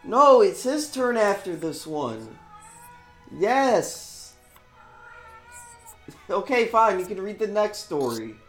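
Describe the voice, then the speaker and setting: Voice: medium pitch, very animated, takes it slowly, pauses often, fairly bright tone, faint music behind. A casual, self-deprecating reader rambling through an amateur fan-fiction read-aloud at home and bantering with a friend.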